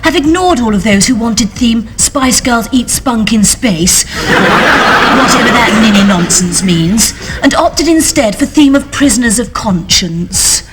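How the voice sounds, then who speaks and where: A woman's voice: a little high, expressive, measured pace, background noise. A woman playing a priggish teenage head girl reading her diary aloud in clipped, self-important tones. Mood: prim. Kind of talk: comic diary monologue.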